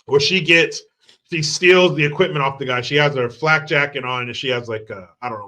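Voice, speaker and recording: A man's voice: medium pitch, a little fast, sharp tone. Profane, sarcastic ranting man. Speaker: movie reviewer. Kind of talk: ranting movie commentary.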